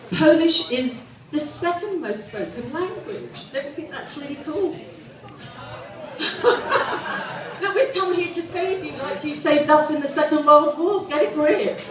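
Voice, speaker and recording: A woman with a posh-sounding voice delivers a self-mocking stand-up set at a live venue. Her pitch sits on the high side and swings around a lot as she drives toward each punchline. The sound is roomy and picked up from a distance. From England. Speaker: stand-up comedian. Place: live comedy venue with audience.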